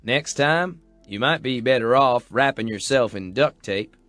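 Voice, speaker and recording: A man voicing a standoffish, sarcastic young woman who speaks in a dry, caustic, almost monotone way. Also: mid-range voice, a little slow, dry recording, soft background music, lightly acted. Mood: deadpan sarcastic. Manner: caustic near-monotone deadpan.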